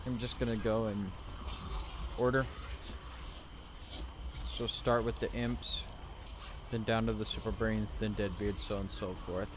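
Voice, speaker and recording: Young male gamer, offhand monotone commentary, lower register, noisy background. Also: unhurried, pauses often. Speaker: gameplay commentator. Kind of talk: casual gameplay commentary. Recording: clear background noise.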